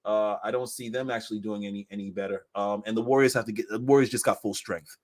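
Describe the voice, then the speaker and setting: A man on a podcast in casual chat about basketball, animated and repeating phrases for emphasis. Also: fairly low pitch, quick pace.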